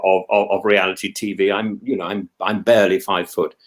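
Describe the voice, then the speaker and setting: A man's voice: deep voice, flat delivery, fairly quick. A middle-aged man from England, co-hosting a casual chat, who keeps restarting and repeating words as he talks. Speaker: co-host.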